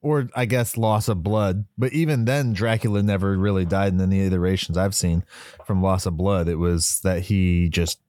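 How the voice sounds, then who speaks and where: A man's voice: low voice, steady tone, moderate pace, darkish tone, no echo, studio quality. A man co-hosting a podcast who speculates about the show in a loose, rambling way full of fillers. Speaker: podcast co-host. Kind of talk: casual episode recap chat.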